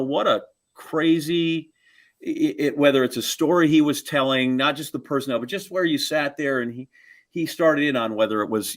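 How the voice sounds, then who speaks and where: A man's voice: mid-range voice, fairly bright tone. A man hosting a casual interview, asking long, loosely phrased questions. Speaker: talk show host. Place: store in Wisconsin.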